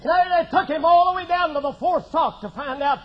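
A man preaching a testimony sermon in a folksy manner, breaking into shouted exclamations. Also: extremely high pitch, a little fast. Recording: dull lo-fi recording with faint noise.

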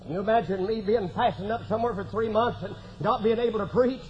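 High-voiced folksy preacher man. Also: fast. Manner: folksy, bursts into shouted exclamations. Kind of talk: sermon testimony. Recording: dull lo-fi recording with faint noise.

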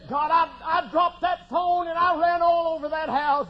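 A man preaching a testimony sermon in a folksy manner, breaking into shouted exclamations. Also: very high voice, fairly even intonation, normal speed, few pauses, soft background music, a faint crowd. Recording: dull lo-fi recording with faint noise.

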